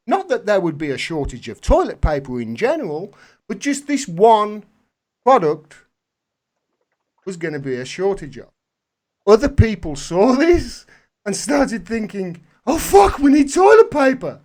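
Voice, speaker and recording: A man hosting a live video call, talking animated and swearing freely as he rants. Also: sits high. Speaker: host. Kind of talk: casual chat.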